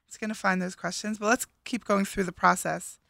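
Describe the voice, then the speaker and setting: A woman's voice: mid-range voice, steady tone, brisk, gravelly, a bit bright, no room sound. A woman co-hosting a casual chat, steering the talk with friendly questions. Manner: friendly, guiding the conversation with questions. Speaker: co-host.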